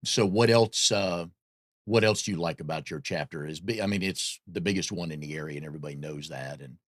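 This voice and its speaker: A man's voice: low voice, fairly quick, no room sound, clean studio sound. A man interviewing a guest, asking casual questions and giving short, encouraging replies.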